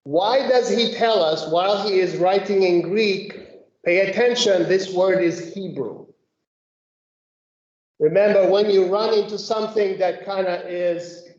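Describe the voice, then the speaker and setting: A woman leading a group Bible study, explaining slowly and methodically and often checking in with "okay?". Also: fairly low pitch, a little mellow. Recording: echoey room, dull lo-fi sound.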